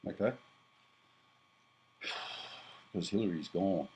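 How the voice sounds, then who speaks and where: A man's voice: low-pitched, slow, mellow, lo-fi sound, slight background noise. Blunt rambling Australian man in his fifties. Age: 50s. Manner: blunt, rambling, self-correcting. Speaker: prepper vlogger. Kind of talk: casual monologue to camera.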